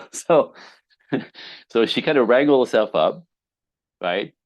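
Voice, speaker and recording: A man who is a relationship coach, telling client stories on a podcast with lively acted-out quotes and casual swearing. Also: medium pitch, slow pace, no room sound. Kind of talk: podcast interview guest.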